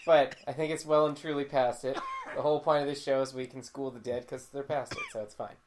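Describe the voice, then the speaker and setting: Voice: mid-range voice, fairly even intonation, fast, noisy background. A podcast co-host chatting casually, reacting to the story with sarcastic quips. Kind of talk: casual chat.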